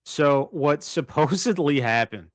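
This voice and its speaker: A man's voice: fairly high pitch, animated, a little slow, no room sound. A man co-hosting a casual livestream from his bedroom, rambling with many restarts and frequent laughs. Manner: rambling, self-correcting, laughs often. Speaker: livestream co-host.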